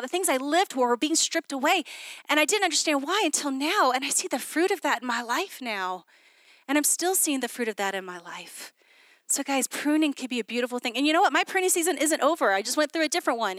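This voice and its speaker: A middle-aged woman pastor sharing a personal testimony in a sermon, talking in an animated way to the congregation and dropping low and soft when she quotes God. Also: no echo. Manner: animated storytelling, addresses listeners as "you guys".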